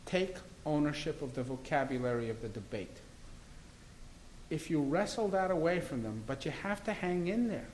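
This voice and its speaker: Assertive man arguing his case, higher voice. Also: animated, moderate pace, darkish tone, a little hiss or hum, poor audio. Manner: assertive, argumentative and emphatic. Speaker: criminal defence lawyer. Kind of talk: interview conversation.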